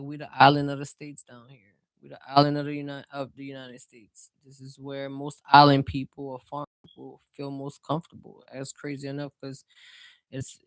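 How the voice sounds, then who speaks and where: A tarot reader with a New Orleans accent gives a casual card reading and speaks straight to the listener. The phrasing is slow and drawn out, full of soft fillers. The voice sounds dry and close, with no room echo. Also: medium pitch, clean tone. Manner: reassuring, speaks straight to the viewer.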